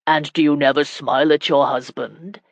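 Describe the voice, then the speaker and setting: A woman reading an audiobook voicing a stern, quick-tempered medieval baron in a lowered, stern delivery. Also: fairly even intonation, no echo, highs cut off.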